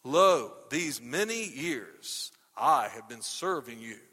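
A man's voice: mid-range voice, animated, slow pace, sharp tone, breathy edge, big-room sound, pitched below the performer's own voice, heavily acted. A preacher playing a self-righteous older son who complains indignantly to his father. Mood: resentful.

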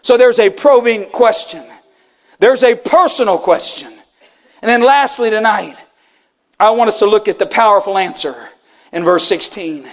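A man preaching a fervent revival sermon in a church, shouting in rhythmic waves and calling for responses from the congregation. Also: high voice, animated, normal speed.

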